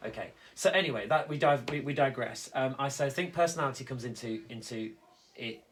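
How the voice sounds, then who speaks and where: A man speaking earnestly in a reflective conversation, halting and restarting as he explains how he copes with loss. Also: mid-range voice, a bit bright, slight background noise. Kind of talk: reflective conversation about grief.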